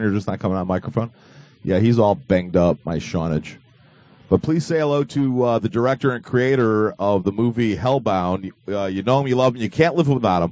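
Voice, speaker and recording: A man's voice: medium pitch, a little mellow, no room sound. A man hosting a live online talk show, joking and rambling with frequent fillers and restarts. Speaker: host.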